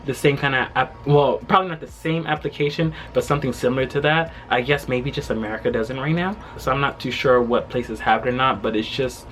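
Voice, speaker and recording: A young man telling a travel story in a casual vlog from his home, animated and full of fillers. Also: medium pitch, brisk, few pauses, slight background noise. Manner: animated retelling with quoted voices, frequent fillers and laughs. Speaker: travel vlogger. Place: his home during quarantine.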